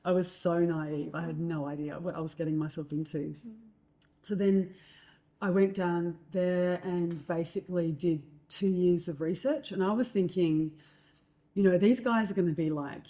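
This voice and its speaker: A middle-aged Australian woman, a guest, telling lively stories in conversation and acting out what others said, with many fillers. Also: on the low side, moderate pace. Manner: lively anecdotes with acted-out quotes, fillers. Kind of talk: storytelling in conversation.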